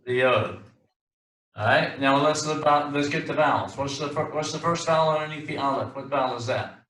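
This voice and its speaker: A man teaching a Hebrew class, talking in a halting way with many restarts and fillers and an occasional joke. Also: medium pitch, a bit bright. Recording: echoey room, distant mic.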